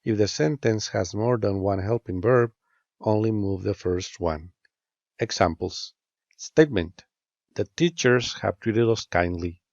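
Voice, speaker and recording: Slow, gravelly-voiced male teacher. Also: fairly low pitch, a little mellow, no echo. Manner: measured, reads statement and question pairs with careful rising intonation. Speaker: English teacher. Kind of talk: slow scripted grammar lesson narration. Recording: dull, lo-fi dry voice-over.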